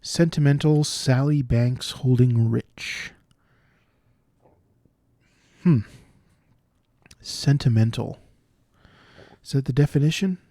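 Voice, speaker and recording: A man solving cryptic crossword clues out loud, thinking through each one and explaining the wordplay as he goes. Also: mid-range voice, slow pace, pauses often, no echo, clean studio sound. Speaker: puzzle solver.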